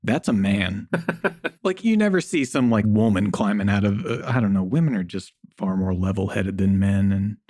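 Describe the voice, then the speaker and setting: A man's voice: fairly low pitch, moderate pace, mellow, no room sound, studio quality. A man as a podcast guest, talking bluntly and jokily and swearing casually. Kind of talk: casual interview chat.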